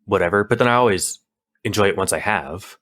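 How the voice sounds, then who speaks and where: Deep-voiced guy rambling thru a casual podcast chat, lots of ums and restarts. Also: brisk, a bit bright. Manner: rambling, many fillers and restarts. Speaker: podcast co-host.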